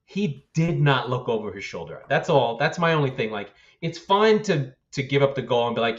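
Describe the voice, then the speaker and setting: A man's voice: mid-range voice, big pitch swings, normal speed, hardly any pauses, dull audio. A man co-hosting a football podcast, talking casually and animatedly, swearing and laughing often. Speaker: podcast co-host.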